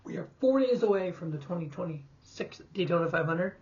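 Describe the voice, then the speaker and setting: A man hosting his own sports show, talking casually and rattling off statistics in quick lists. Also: high-pitched, lively intonation, darkish tone, muffled recording. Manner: rambling, reads stats in quick lists. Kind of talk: casual solo sports talk.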